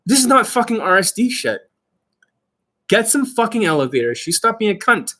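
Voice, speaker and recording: A man's voice: sits high, sing-song, normal speed, bright, forceful tone. A man hosting an unscripted coaching Q&A, talking in a blunt, aggressive and profane way. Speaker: dating coach host.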